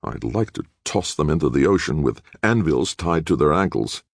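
A man's voice: very deep voice, sing-song, moderate pace, no echo, studio quality, heavily acted. A man voicing a defiant captive man who growls and snarls at his captors. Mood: angry. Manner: growling, angry.

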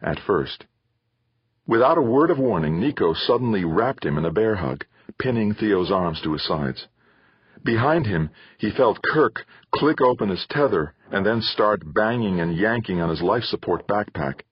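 A man with a very deep, husky voice reads a novel in measured storytelling. The recording is dry, close, and dull in tone. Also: expressive, no room sound. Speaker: audiobook narrator. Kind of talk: scripted narration.

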